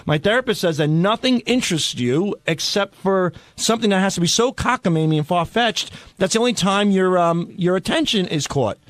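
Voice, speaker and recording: A man's voice: high-pitched, animated, brisk, hardly any pauses, a bit bright, dry recording. A man who is a show regular, telling rambling, profane stories in a casual radio studio chat.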